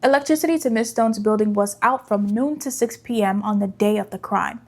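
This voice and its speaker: A woman's voice: medium pitch, a little fast, lightly acted. A woman voicing a self-assured male prosecutor who speaks in a formal courtroom manner. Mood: smug.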